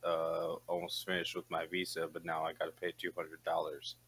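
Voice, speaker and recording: A man with a very low yet bright, forceful voice in casual group chat. He talks bluntly and grumbles, with plenty of swearing. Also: monotone, normal speed, husky.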